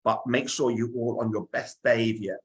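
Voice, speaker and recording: A man's voice: mid-range voice, steady tone, normal speed, close to an everyday voice. A man voicing a strict school headmaster who makes a formal, warning announcement to pupils. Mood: stern.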